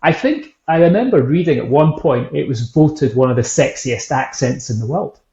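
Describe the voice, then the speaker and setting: A man's voice: mid-range voice, expressive, moderate pace, dark tone. A man from Scotland with an Edinburgh accent, a guest chatting casually in an interview and telling stories with frequent laughs. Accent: Edinburgh Scottish. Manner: chatty storyteller, laughs often. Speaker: guest, whisky author. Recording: echoey room, dull lo-fi sound.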